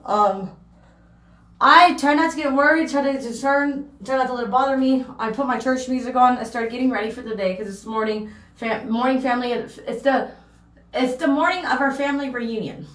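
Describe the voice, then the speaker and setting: A young woman rambles through a personal story, full of fillers and restarts in a casual vlog. Her voice sits a little higher than most, and the room around her rings with echo. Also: moderate pace, a bit bright. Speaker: vlogger. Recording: echoey room.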